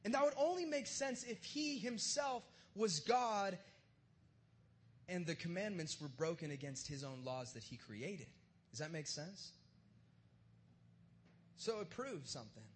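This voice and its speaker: A man preaching a sermon with a notably high voice. He talks loosely and jokes with everyday slang, like he's chatting with the congregation. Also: expressive, a little slow, pauses often. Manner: casual and joking, uses slang. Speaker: pastor. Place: church service in front of a live crowd.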